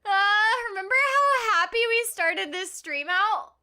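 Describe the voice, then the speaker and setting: Bright, high-voiced tearful young woman streamer. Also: expressive, a little slow. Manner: emotional, tearful, laughing between sentences. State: teary, near crying. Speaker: streamer playing a game. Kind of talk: casual live-stream chat.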